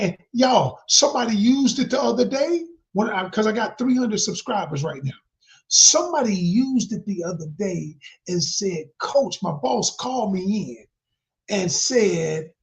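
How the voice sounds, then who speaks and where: A man working as a relationship coach, talking emphatically to viewers and calling them y'all, swinging from loud to whispered like a preacher. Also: sits high, vocal fry. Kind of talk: live-stream promotional talk. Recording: dull lo-fi sound.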